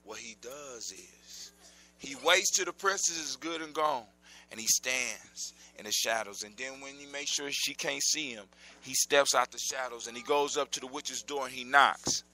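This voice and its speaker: A man's voice: mid-range voice, normal speed. A man telling a folk story live, talking straight to his listeners. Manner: animated, addresses listeners directly.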